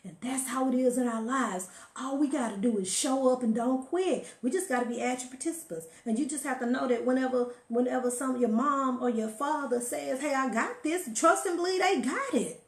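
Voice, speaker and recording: A motivational live-stream host addresses her viewers emphatically, preaching, telling stories, and calling listeners honey. Her high voice moves briskly with hardly any pauses, and the room is echoey.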